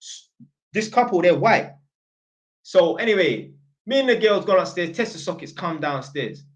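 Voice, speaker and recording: This rough recording features a young North London host with a high voice and lively intonation, talking at a moderate pace. He tells his viewers a story and rants in opinionated, slangy, blunt language.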